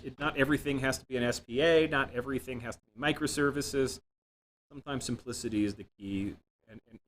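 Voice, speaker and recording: A man's voice: mid-range voice, slight background noise. Joking man giving a tech talk. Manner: self-deprecating, jokey storytelling. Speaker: conference speaker. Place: room without a live audience.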